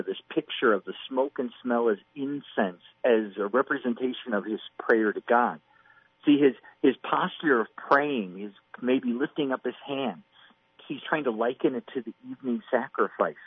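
A middle-aged man talks through a Bible passage with earnest emphasis. His voice is husky, and it comes through a dry, narrow, phone-like radio line. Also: mid-range voice, dry recording. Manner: earnest, emphatic, acts out quoted pleas. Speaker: Bible teacher on a radio program. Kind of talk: conversational Bible teaching.

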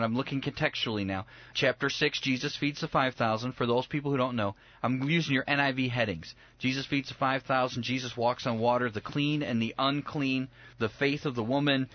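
Animated man in a lively bible chat. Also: mid-range voice, no echo, muffled recording. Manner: animated, acts out voices of biblical figures. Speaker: Bible study podcast co-host. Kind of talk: casual Bible discussion.

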